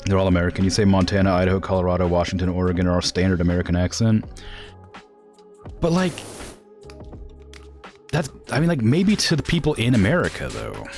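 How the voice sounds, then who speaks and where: A game streamer with a northwestern US accent, talking casually and rambling with plenty of fillers. His voice sits very low yet swings widely in pitch. Faint music plays behind him. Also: very animated, a little fast, long pauses, darkish tone. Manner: rambling, filler-heavy, laughing asides. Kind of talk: casual stream chat while gaming.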